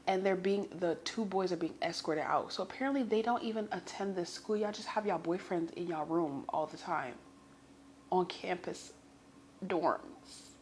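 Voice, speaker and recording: A young woman telling a story in a chatty, animated way, swearing freely and talking to her listeners as girl. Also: fairly low pitch, normal speed, slight background noise. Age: young adult. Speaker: storytime vlogger. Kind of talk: casual storytelling.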